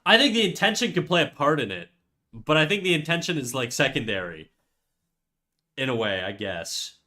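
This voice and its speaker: A man's voice: mid-range voice, big pitch swings, moderate pace, pushed and bright. A young man streaming live, chatting casually with his viewers in a rambling, swearing way while stuffed up with a cold. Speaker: livestreamer. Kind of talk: casual livestream chat.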